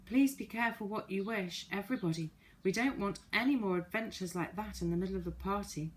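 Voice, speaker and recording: A woman's voice: mid-range voice, a little fast, close to an everyday voice. A woman voicing a sensible, eager boy in a storybook reading, speaking earnestly in a lightly raised voice.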